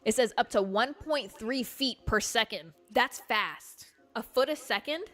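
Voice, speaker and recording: A young woman hosting a casual livestream, telling stories in an animated, chatty way full of fillers and swearing. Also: fairly high pitch, unhurried, soft background music. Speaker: livestream host.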